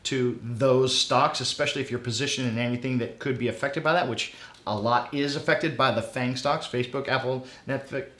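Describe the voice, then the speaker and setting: A man's voice: medium pitch, steady tone, a little fast, fairly bright tone, reverberant. A man hosting a finance web show, upbeat and salesy, talking straight to viewers. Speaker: show host.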